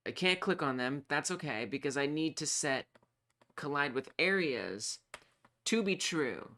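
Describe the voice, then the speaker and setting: Animated developer thinking aloud while coding. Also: medium pitch, measured pace. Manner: talks to self while debugging, animated and excitable. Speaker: game developer streaming live.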